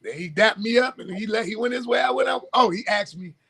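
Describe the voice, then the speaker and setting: A man's voice: sits high, fast talker, husky. A man from Michigan co-hosting a casual sports talk show, acting out conversations and laughing as he tells stories. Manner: animated storyteller, acts out dialogue, laughs a lot. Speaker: co-host.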